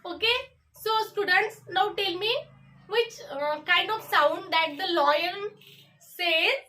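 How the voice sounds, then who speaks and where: A young woman with an Indian English accent, a student teacher leading a poem lesson and spelling words out slowly letter by letter. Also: very high-pitched, pushed and bright, low-quality recording.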